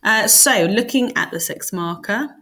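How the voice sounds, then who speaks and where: A woman's voice: mid-range voice, expressive, unhurried, sharp tone. A woman with a British accent, a drama teacher explaining exam technique step by step in a lesson. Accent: British English.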